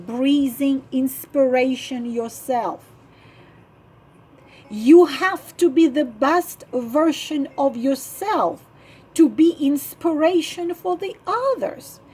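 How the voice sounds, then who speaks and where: A woman, the channel's host, giving earnest, repetitive, emphatic relationship advice in a monologue and often clearing her throat. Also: sits high, dark tone. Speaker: online relationship advisor.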